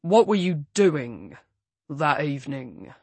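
A stolid male police officer, as a woman narrator voices him, asking questions in a flat, heavy way. The voice sits slightly low with a husky edge. It is read dry and close, storybook-style. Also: slow pace, dry recording, exaggerated voice. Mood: blunt.

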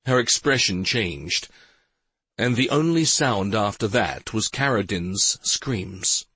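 A man with a low, husky voice narrating a dark fantasy audiobook. His delivery is lively and dramatic, rising and falling with the story, recorded dry and close in a studio. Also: takes it slowly, dry recording. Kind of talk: scripted narration. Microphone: close studio mic.

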